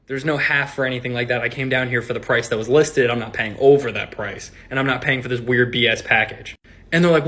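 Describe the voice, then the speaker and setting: A man casually telling a story about a car-buying ordeal, animated and incredulous. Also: mid-range voice, fast. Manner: animated, incredulous retelling with laughs.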